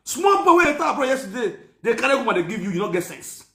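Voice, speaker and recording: A man with a very high voice rants at length, scolding and mocking as he mixes Pidgin and Yoruba. He often breaks into shouting. His voice rings in an echoey room. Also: big pitch swings, fast talker. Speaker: commentator. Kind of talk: ranting commentary.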